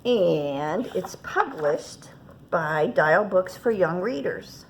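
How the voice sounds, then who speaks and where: A woman children's librarian reading picture books aloud at story time in a gentle, expressive way. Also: on the low side, extremely slow, a little hiss or hum.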